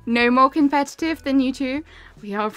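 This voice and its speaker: A woman's voice: high voice, moderate pace, fairly bright tone, faint music behind. A young woman chatting casually on a live game stream, giggling and greeting viewers by name. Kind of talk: casual live-stream chat while gaming.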